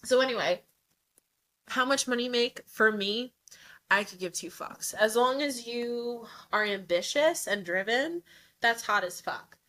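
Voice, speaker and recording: A woman's voice: fairly high pitch, expressive, unhurried, fairly bright tone. A young woman hosting a podcast, talking candidly in a blunt, profane, emphatic way and laughing often. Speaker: podcast host. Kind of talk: candid casual monologue.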